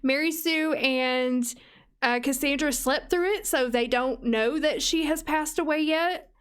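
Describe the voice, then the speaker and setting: A woman hosting a let's play, giving chatty, expressive gameplay commentary. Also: high voice, unhurried.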